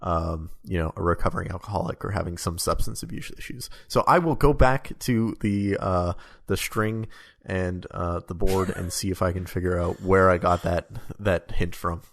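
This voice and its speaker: A man's voice: sits low, moderate pace, gravelly. A man talking casually about a video game on a podcast, rambling and hesitant with many ums. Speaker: podcast co-host or guest.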